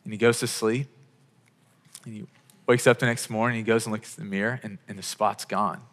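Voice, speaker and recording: A man's voice: lowish voice, steady tone, a little fast, a bit bright, big-room sound. A man preaching a sermon as a pastor, telling stories with quoted dialogue and frequent restarts.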